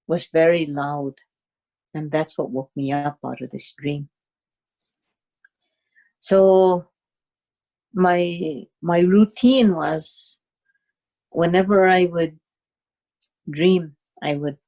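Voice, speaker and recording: A woman telling a personal story in a halting, unhurried way, with many fillers and restarts. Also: low-pitched, a little mellow. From Cayuga Nation, Six Nations of the Grand River, Canada.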